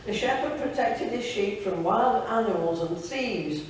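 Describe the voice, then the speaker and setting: A woman's voice: mid-range voice, animated, a little slow, a little hiss or hum, pitched above the performer's own voice, close to an everyday voice. A woman reading the lines of an earnest male minister patiently explaining things to schoolchildren. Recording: very echoey hall, distant mic.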